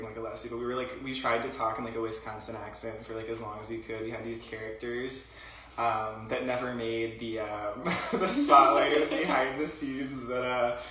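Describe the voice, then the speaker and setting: Heard off-mic with room echo and a faint ambient hum, a rural Canadian man hosts a casual livestream. He sounds bright and forceful at a medium pitch, rambling chattily with plenty of fillers and laughs.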